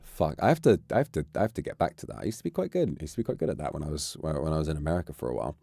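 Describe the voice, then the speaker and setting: A low-voiced British man chats on a casual livestream, rambling with amused asides and offhand swearing. His pitch swings widely. The dry, close sound adds to the effect, with faint music underneath. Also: very animated, very fast, creaky, warm tone, dry recording. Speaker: streamer.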